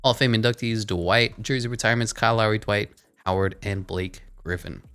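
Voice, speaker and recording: A man's voice: fairly low pitch, clean tone. Sarcastic man narrating a sports video game. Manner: sarcastic, deadpan, quick asides. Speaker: gaming commentator.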